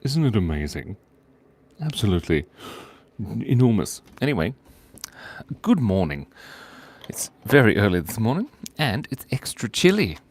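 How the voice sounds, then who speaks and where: A man's voice: lowish voice, very animated, moderate pace, long pauses, darkish tone, slightly rough. A man hosting a live drawing stream, chatting casually, joking, laughing often and reading out viewer comments.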